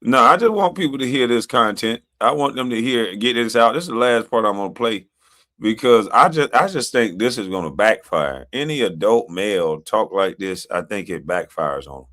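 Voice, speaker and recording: A man with a low voice talks over clips he is reacting to. He sounds mocking and dismissive, needling a rival. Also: lively intonation, normal speed, a bit bright. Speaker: streamer reacting to video clips. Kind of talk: casual reaction commentary.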